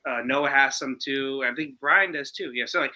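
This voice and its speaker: A man who collects figures, talking in a casual, excitable and rambling way. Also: mid-range voice, normal speed, rough recording. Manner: excitable, rambling, says "like" a lot. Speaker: collector co-host. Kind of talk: casual chat.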